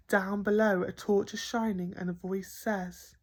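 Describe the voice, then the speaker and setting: A woman reading a picture book aloud to children as a primary school teacher, expressive and playful. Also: mid-range voice, a little slow, hardly any pauses. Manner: expressive, with gasps and playful emphasis.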